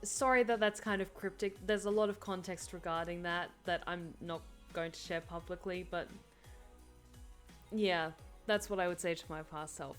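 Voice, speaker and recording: A woman's voice: on the low side, fairly even intonation, moderate pace, faint music behind. A woman chatting casually on a live stream, answering viewer questions with lots of fillers and laughter.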